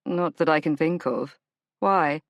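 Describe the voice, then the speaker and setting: A woman voicing a reclusive male duke who speaks in a quiet, clipped, formal way. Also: sits low, measured pace, dry recording, studio quality, pitched below the performer's own voice. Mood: reserved.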